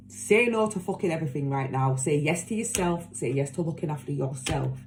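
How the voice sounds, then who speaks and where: A woman's voice: deep voice, expressive, a little fast, few pauses, darkish tone, faint music behind. A woman giving a casual tarot reading to her viewers, talking emphatically and bluntly, swearing, repeating herself and caring. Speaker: tarot reader.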